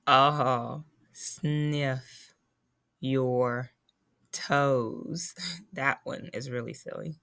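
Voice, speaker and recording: Slow, patient woman teaching phonics. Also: a bass voice, steady tone, a bit bright. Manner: slow, patient, spells and sounds out words. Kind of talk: phonics lesson for young children.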